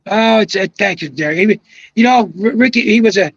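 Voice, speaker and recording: With a high, expressive voice and a fairly quick pace, this seventy-something former pro bowler spins long anecdotes on a podcast, throwing in forceful asides as he wanders. The recording is dry and lo-fi.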